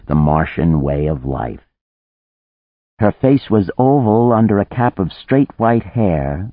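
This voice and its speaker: Man reading a novel aloud, deep voice that moves a lot, dry and tinny like over a phone. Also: dry recording. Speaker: audiobook narrator. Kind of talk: scripted narration. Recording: narrow phone-like band, dry.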